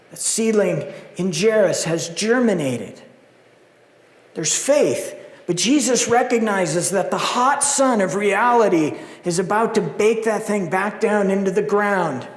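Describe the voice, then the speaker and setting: A male pastor preaches a sermon with a fairly high voice. He takes his time and brings the scenes alive with animated storytelling. The long reverb of the church hall surrounds every word. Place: church sanctuary.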